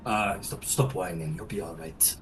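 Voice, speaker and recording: A man's voice: deep voice, normal speed, fairly bright tone, slight background noise, pitched below the performer's own voice. A man voicing a proud, courteous paladin commander with a dry, lightly teasing manner. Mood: gruff.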